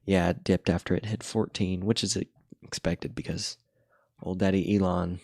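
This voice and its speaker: A man's voice: low-pitched, fairly even intonation, normal speed, creaky, darkish tone, no echo, clean studio sound. A man chatting casually while drawing, retelling a cartoon episode in a laid-back, rambling way.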